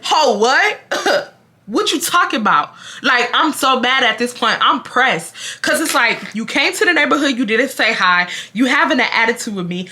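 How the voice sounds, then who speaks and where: This young woman from Texas tells her story in a voice that sits high and swings wildly up and down. Her tone is bright and sharp, and she talks in a dramatic, profane way, speaking straight to her viewers. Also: animated, normal speed. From Houston, Texas. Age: 20s. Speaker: storytime vlogger. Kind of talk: casual storytelling.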